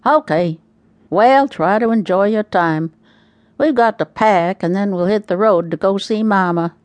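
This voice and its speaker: An excitable grown son fires off wisecracks, played by a woman reading an audiobook. His voice sits a notch higher than the narration. The sound is dry and close. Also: a little slow, dry recording, lightly acted. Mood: frazzled.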